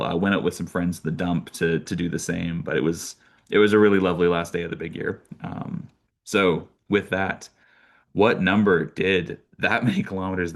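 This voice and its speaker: Young canadian man, very deep voice, gravelly fry, casual storyteller, lots of ums and restarts. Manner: animated storyteller, many fillers and restarts, laughs often. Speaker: birder giving a talk.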